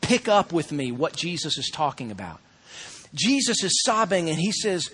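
A man delivers a lively sermon in a high-pitched, husky voice. He acts out the voices of a crowd and swings from loud excitement to hushed intensity. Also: moderate pace. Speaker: pastor.

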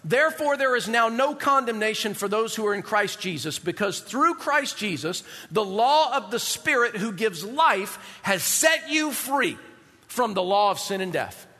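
A man preaching a sermon as pastor, animated, often asking the congregation rhetorical questions. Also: high-pitched, a little slow, in a large hall.

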